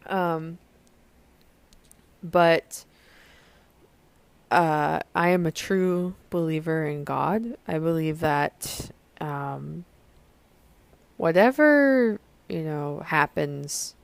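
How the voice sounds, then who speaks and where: A woman's voice: low-pitched, extremely slow, gravelly, long pauses, no room sound. A young woman hosting her own podcast, talking casually and rambling with many fillers and restarts. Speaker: podcast host. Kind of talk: casual solo podcast chat.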